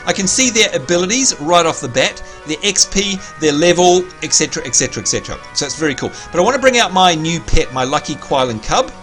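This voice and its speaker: Australian male streamer, pitched a touch high, excitable live game commentary, faint music underneath. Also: fast, hardly any pauses. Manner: excitable, jumps into high squeals of delight.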